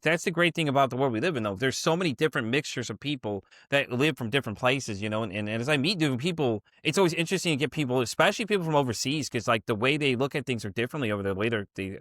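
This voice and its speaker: A man hosts a podcast, talking at a breakneck clip and piling up "you know" fillers as he rambles on. His voice sits at an ordinary middle pitch. The sound is close and dry, with no room around it. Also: fairly bright tone, dry recording. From Chicago area, USA. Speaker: podcast host. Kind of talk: casual conversational interview.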